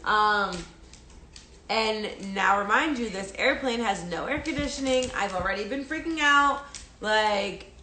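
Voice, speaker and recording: Chatty young woman, bright and roomy. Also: mid-range voice, measured pace, slight background noise. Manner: rambling, many fillers and restarts, swears casually. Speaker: livestreamer. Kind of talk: casual storytelling on a live stream. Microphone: phone.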